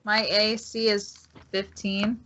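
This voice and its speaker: Tabletop player: woman, slow and wry, bright voice, dull lo-fi sound. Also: medium pitch, flat delivery. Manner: wry, laughing. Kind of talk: tabletop game play. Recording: dull lo-fi audio.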